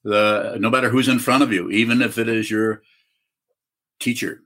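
A man teaching as a Zen teacher on a video call, answering questions in a halting way with many fillers and restarts. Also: lowish voice, fairly even intonation, fairly bright tone.

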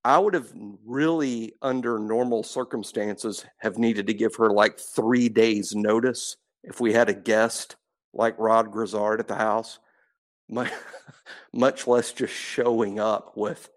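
A man's voice: fairly low pitch, steady tone, slow. Wry man in casual podcast chat. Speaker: podcast co-host.

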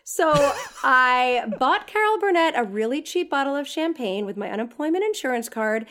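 A woman's voice: sits high, expressive, moderate pace, a bit bright. A woman, a guest actress, chatting casually and telling a story expressively, acting out her own lines. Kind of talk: casual chat.

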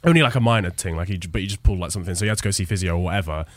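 Young British guy, low voice, dry studio sound, animated podcast chatter. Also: rapid-fire, no echo. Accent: British English. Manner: animated storytelling with frequent laughs. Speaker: guest. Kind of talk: casual podcast chat.

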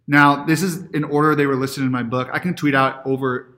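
A man's voice: on the high side, fairly even intonation, a bit bright. A man on a betting podcast, loose and jokey, reeling off a list of picks in casual banter. His voice is a bit strained and cracking from a day of doing accents. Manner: joking, rattles off picks quickly. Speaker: podcast co-host, sports bettor.

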